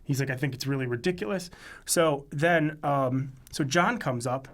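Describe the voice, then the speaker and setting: A man's voice: mid-range voice, moderate pace. A man telling a story in casual chat who quotes what others said and laughs as he goes. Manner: laid-back storyteller who quotes people and laughs along.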